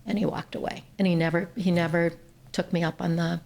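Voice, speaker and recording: A woman from Ohio with a low, gravelly voice, guesting on a podcast. She tells her stories earnestly and with animation, talking as the head of a nonprofit. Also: steady tone, a little fast, a little mellow. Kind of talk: podcast interview, storytelling.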